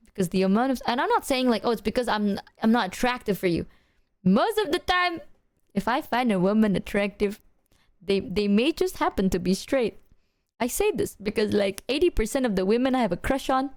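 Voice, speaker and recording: A woman's voice: a little high, normal speed. A young woman streamer chatting casually with her viewers, telling stories with slang and swearing and acting out what her friends said. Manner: animated storytelling, acting out quoted friends.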